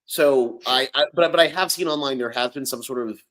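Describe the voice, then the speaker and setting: A man in casual podcast chat, his voice sitting in an ordinary middle pitch. He talks in an animated way and often stumbles over and repeats words as he builds a point. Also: a little fast. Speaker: podcast co-host.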